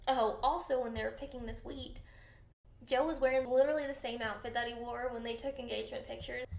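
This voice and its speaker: A woman's voice: on the high side, steady tone, a little fast, gravelly, reverberant. A woman co-hosting a podcast in casual chat, chatty and swearing freely. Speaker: podcast co-host.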